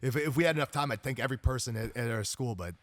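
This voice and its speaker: A jiujitsu instructor appears as a podcast guest, talking casually in a medium-pitched, fairly bright voice at a fast clip. He's earnest and open, often restarting his sentences and using frequent fillers.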